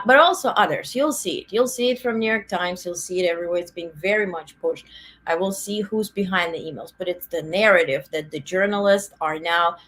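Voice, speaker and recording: A woman's voice: lowish voice, fairly bright tone. A woman hosting a political news livestream, ranting indignantly and chatting with live viewers. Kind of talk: casual political commentary.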